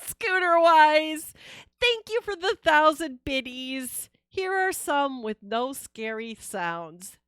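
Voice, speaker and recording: A woman's voice: high-pitched, very animated, slow pace, few pauses, a bit bright, smooth, no echo, clean studio sound. A woman streaming a game live, chatting casually and expressively with her viewers and reacting with laughs and sighs. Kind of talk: casual live-stream chat while gaming.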